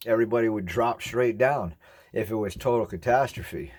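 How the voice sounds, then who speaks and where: Eating as he talks, a man in his forties who makes ASMR YouTube videos speaks casually and reflectively to camera. His voice is lowish and darkish at normal speed, and he rambles earnestly to his viewers.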